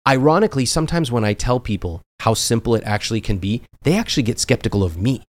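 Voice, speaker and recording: A man's voice: medium pitch, expressive, quick pace. A man who is a personal finance author, a guest on a podcast, speaking bluntly and with some profanity while acting out the voices of people he quotes. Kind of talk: animated podcast conversation.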